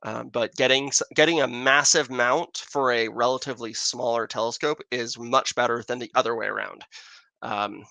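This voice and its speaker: Set up with a telescope under the Arizona sky, this American host chats loosely on his astronomy stream, wandering off on tangents as he takes viewer questions. He speaks at medium pitch with a gravelly, sharp tone, and there's no echo.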